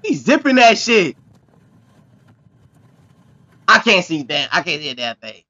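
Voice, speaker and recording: A man hosting a reaction video, with excitable, exclamatory commentary full of profane slang. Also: high-pitched, a little fast, dull audio.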